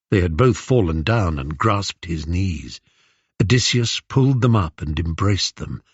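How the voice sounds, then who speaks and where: A man with an English accent narrating a story, expressive and animated in his pitch. His pace is slow and his voice slightly husky. The recording is dry and a touch dull. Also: dry recording. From England. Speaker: audiobook narrator. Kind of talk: scripted narration.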